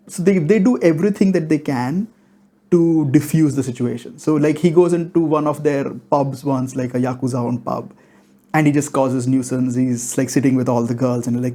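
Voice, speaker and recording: A man's voice: mid-range voice, warm tone. A man giving a casual movie review, rambling and filling his talk with "like" and "you know".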